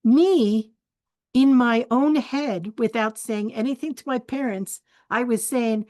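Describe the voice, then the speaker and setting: Older woman host, unhurried, chatty storyteller, dry close sound. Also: a little high, mellow, no echo. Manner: chatty and candid, laughs often, gives life advice. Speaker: spiritual forum host. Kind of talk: storytelling talk.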